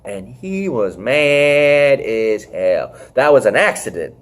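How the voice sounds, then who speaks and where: A man with a medium-pitched voice hosts a podcast, speaking slowly but very animatedly in a casual wrestling review chat. He rambles, swears often, uses lots of fillers, and leans heavily on the word "freaking."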